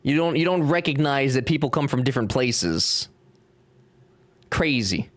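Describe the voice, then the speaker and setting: Expressive and medium-pitched, this young streamer speaks at a moderate pace in a Cajun accent. The Louisiana native builds while joking with his audience and reading their messages out loud.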